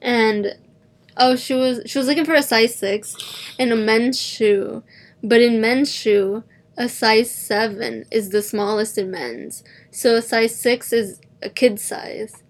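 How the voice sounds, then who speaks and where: A woman's voice: a little high, takes it slowly. Chatty young woman telling stories. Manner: chatty, heavy use of "like" as filler. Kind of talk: casual storytelling chat.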